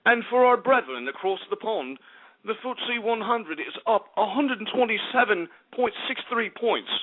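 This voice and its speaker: A man voicing a plummy male English market announcer in a put-on English accent, reading figures slowly and formally over a tinny, phone-like radio line. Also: high voice, lively intonation.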